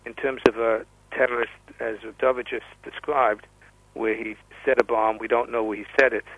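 A man, a rabbi and guest expert, answering over a phone line with many halting restarts and repeated words. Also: mid-range voice, flat delivery, gravelly, breathy edge, no echo. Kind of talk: discussing questions over the phone.

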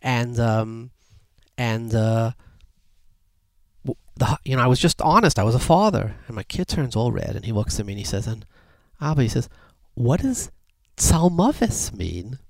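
A man giving a sermon as a rabbi, telling anecdotes and jokes with lively voice shifts. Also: medium pitch, normal speed, no echo. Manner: animated storyteller, lively voice shifts.

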